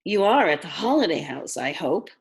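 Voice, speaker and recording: A woman's voice: lowish voice, sing-song, normal speed, gravelly, slightly rough, full character voice. A woman voicing a doting mother who coos sweetly over the phone in a storybook reading. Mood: cooing. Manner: cooing, sweet.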